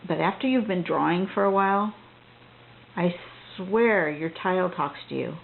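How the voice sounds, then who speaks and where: Gravelly woman chatting through a drawing lesson. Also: on the low side, moderate pace. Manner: chatty and rambling, with frequent restarts. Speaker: drawing instructor. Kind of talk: casual drawing tutorial, thinking aloud. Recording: tinny phone-like audio with faint noise.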